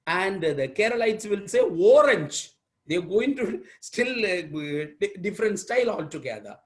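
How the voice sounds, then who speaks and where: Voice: mid-range voice, very animated. A trainer from Tamil Nadu with a Tamil Indian English accent, giving an online workshop lecture and repeating key words with emphasis over a video call. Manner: slow, repetitive, emphatic teaching. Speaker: aptitude trainer.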